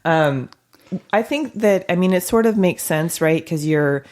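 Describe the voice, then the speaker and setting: A woman's voice: fairly low pitch, animated, unhurried, a little mellow. A woman hosting a podcast in a studio, a counselor who chats frankly and laughs often. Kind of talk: casual podcast chat.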